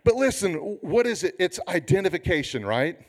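A man in his fifties, a pastor preaching a sermon with humorous, animated storytelling. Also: sits high, moderate pace.

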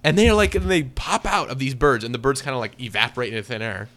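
A man's voice: medium pitch, quick pace, few pauses, a bit bright. A man co-hosting a podcast, giving a sarcastic, exaggerated movie review in casual chat. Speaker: podcast co-host.

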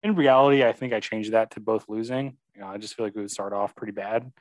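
A man's voice: on the low side, fast, no echo, rough recording. A young man chatting about football, agreeable and hesitant, full of ums and yeahs. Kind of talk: casual sports chat.

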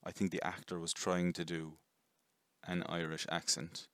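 A man giving a casual, rambling movie review, chatty and quick to swear. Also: low-pitched, monotone, a bit bright, dry recording, clean studio sound. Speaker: film reviewer.

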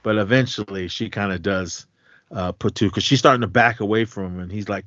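A podcast co-host with a lowish, fairly bright voice gives a casual recap of a horror film, retelling scenes and briefly voicing the characters. The audio is dull, dry podcast sound with no room sound.

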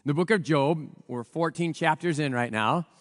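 A male pastor giving a sermon in an earnest, reflective way, his voice a little rough, with pauses and restarts. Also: fairly high pitch, big-room sound. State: voice a little rough from recent strain.

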